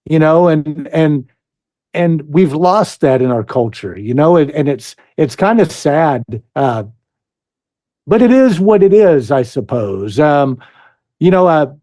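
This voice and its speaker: A man's voice: fairly high pitch, sing-song, warm tone, dry recording, studio quality. An American man speaking as a guest musician in a casual interview, hesitant and full of fillers. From United States. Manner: slow, hesitant, many fillers.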